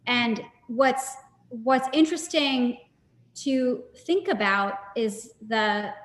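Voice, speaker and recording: A woman's voice: on the high side, takes it slowly. Thoughtful woman in an echoey room. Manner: thoughtful, hesitant, with many fillers. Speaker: gallerist. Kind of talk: live-streamed conversation. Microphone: video call. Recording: echoey room with long reverb.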